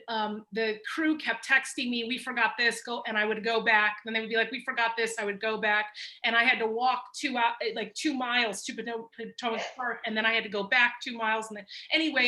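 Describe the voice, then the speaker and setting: A woman filmmaker on a panel, telling an emotional story with animated energy and laughing now and then. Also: fairly high pitch, poor audio.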